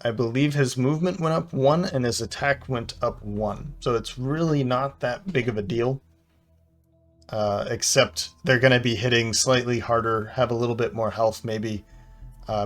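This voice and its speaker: A man of ordinary pitch thinking aloud as he plays a strategy game, unhurried and a little hesitant, often stopping on "uh" and restarting phrases. Soft game music hums in the background. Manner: hesitant, fills pauses with "uh". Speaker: game commentator. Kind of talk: thinking-aloud gameplay commentary.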